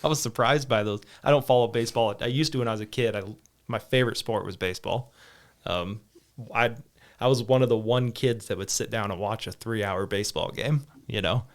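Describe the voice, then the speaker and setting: A man's voice: on the low side, brisk. A man hosting a casual podcast, telling rambling stories and laughing often between them. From Southern Utah. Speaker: podcast host. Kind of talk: casual chat.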